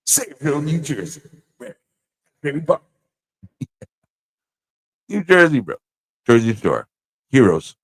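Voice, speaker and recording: Animated male livestream host, dry sound. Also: mid-range voice, a little slow, pauses often, dry recording. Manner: animated, swearing, bursts into sung lines and put-on voices. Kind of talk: casual livestream storytelling.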